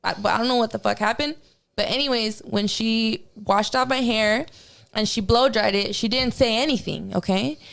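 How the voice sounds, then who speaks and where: A woman's voice: fairly high pitch, moderate pace, creaky, a bit bright. A woman guest on a podcast telling a personal story in casual, profane talk, acting out her own reactions as she goes.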